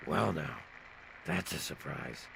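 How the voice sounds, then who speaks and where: An actor playing a weary, kind male ghoul bartender in a video game, raspy and humble. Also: rumbling low, expressive, slow, noisy background, heavily acted. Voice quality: raspy, gravelly. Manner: humble, resigned.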